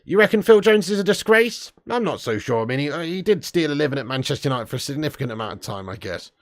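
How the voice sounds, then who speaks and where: A man's voice: a little high, big pitch swings, fast, no room sound, clean studio sound. A man hosting a casual live stream, chatting and laughing as he reads viewer comments aloud. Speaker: live stream host reading chat.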